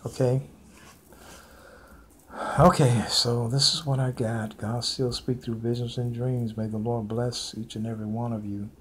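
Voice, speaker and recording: A man's voice: medium pitch, level tone. Earnest man preaching with faint hiss. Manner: repetitive, earnest, with many pauses and fillers. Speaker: preacher sharing prophetic visions. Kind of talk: informal spoken sermon to camera.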